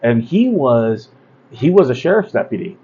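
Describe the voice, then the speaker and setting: A man's voice: medium pitch, sing-song, moderate pace, warm tone, dull audio, a little hiss or hum. A man hosting a casual livestream talk, blunt and rambling, with many fillers and asides. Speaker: host.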